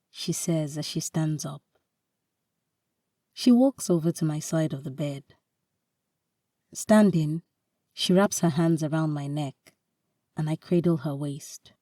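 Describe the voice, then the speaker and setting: A woman reads a romantic story aloud with calm, measured narration. Her voice is low and mellow, and her pace is slow. The recording is dry, with the mic set a little away from her. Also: no echo, recorded from a distance. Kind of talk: reading a romantic short story.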